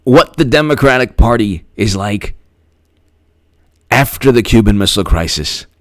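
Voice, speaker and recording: A man's voice: on the low side, expressive, normal speed. A man hosting a live-stream political commentary, rambling, laughing often and thanking viewers by name. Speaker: host.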